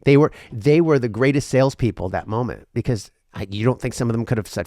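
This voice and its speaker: A male podcast host talking alone, earnest and rambling, with a lot of repeated words, going from intense to quiet and emotional. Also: medium pitch, fast talker, no room sound, clean studio sound. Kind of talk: reflective solo podcast monologue.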